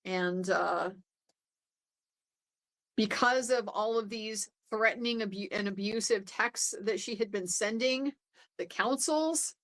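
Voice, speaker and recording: A woman's voice: mid-range voice, a little slow, fairly bright tone. A woman recapping a court trial as a commentator, talking in a loose, chatty way with many fillers and restarts. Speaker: legal commentator.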